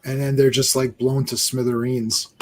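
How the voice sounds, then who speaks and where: A man hosting a casual comic book chat, excitable, with frequent restarts and laughter. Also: mid-range voice, moderate pace. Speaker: comic book podcast host.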